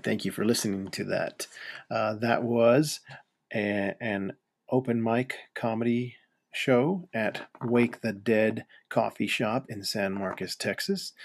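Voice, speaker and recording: A man hosts a casual solo podcast, halting and hesitant, filling gaps as he goes. His voice is low-pitched with a gravelly edge. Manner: halting, many fillers and restarts. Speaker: podcast host.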